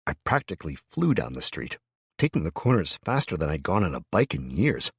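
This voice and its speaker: A man narrating a fantasy audiobook in the first person, in a steady storytelling manner. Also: low voice, fairly quick, breathy edge, no echo, clean studio sound.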